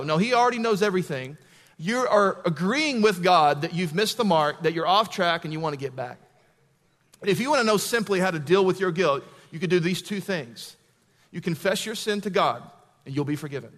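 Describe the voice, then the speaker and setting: A man's voice: high-pitched, normal speed, fairly bright tone, big-room sound. A man preaching a sermon as a pastor, conversational and building to emphatic peaks.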